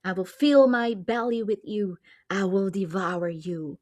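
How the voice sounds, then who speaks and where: A woman voicing a creepy, hungry monster, drawing out slow, menacing threats. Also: mid-range voice, a little mellow, dry recording, studio quality, close to an everyday voice.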